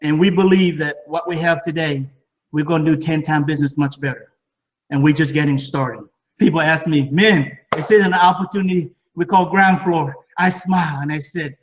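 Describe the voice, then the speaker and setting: Distant, muffled man pitching with excitement. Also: moderate pace. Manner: repeats words, broken English phrasing. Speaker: speaker at a home business party. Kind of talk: enthusiastic sales pitch. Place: living room of a home party.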